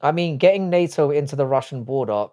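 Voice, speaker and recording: A man's voice: a little high, expressive, brisk, mellow. A man in his forties hosting a live stream, answering viewer chat in casual, blunt, profane, joking banter. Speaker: livestream host.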